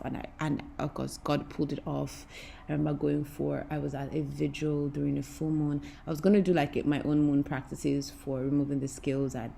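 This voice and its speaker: Speaking as a spiritual teacher to camera, this woman has a low-pitched, gravelly, mellow voice. She addresses her listeners directly in an impassioned, repetitive, preacher-like way, with slight background noise behind her.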